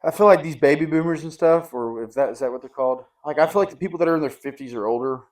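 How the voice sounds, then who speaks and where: A man, a podcast host telling a rambling, animated story in casual chat. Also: a little high, rapid-fire. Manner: rambling and animated, uses "dude" and "like" a lot.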